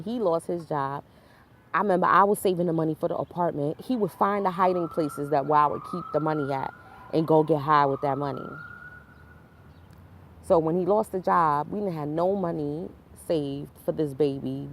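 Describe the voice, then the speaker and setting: A New woman with a low, gravelly voice tells her life story straight to camera. She talks candidly in street slang and throws in frequent asides to her viewers. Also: a little hiss or hum. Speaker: vlogger.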